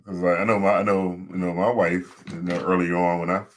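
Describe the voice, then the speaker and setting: A man's voice: low-pitched, level tone, brisk. A man co-hosting a podcast in laid-back casual chat, laughing easily. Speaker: podcast co-host.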